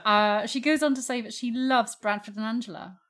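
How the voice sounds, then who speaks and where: A woman's voice: on the high side, steady tone, a little fast, fairly bright tone. A woman co-hosting a podcast in casual chat, bantering and teasing, often laughing. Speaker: podcast co-host.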